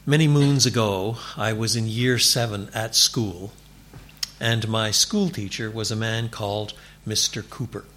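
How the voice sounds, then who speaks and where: A man preaching a sermon in a church, animated and building to emphatic declarations. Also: lowish voice, a little slow, a little hiss or hum. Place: church before a congregation.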